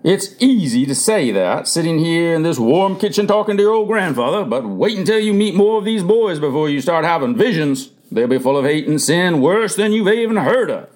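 A man doing a slow-spoken wise old grandfather. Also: a little high, animated, pitched above the performer's own voice, close to an everyday voice. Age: older. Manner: slow, deliberate, gently probing.

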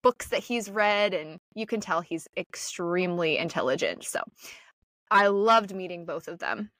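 An American woman co-hosting a podcast in casual chat, bubbly and excited like a fan. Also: lowish voice, measured pace, dry recording. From United States. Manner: bubbly, fangirling. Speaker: podcast co-host.

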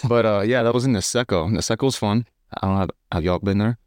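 A man's voice: on the low side, fast talker, dry recording, clean studio sound. A young man co-hosting a podcast, telling stories in casual chat with laughter and acted-out quotes. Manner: animated storytelling, laughing, acting out quotes. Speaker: podcast co-host.

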